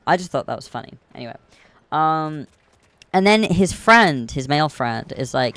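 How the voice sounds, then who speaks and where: A young man streaming, casually retelling a film in a rambling, animated way full of ums. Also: a little high, fairly quick, smooth, no room sound. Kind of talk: casual chat.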